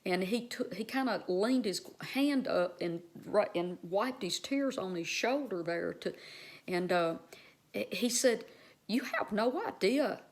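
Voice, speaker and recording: A woman's voice: medium pitch, slow. A woman vlogger telling a personal story in a casual, heartfelt, rambling way, speaking straight to her viewers.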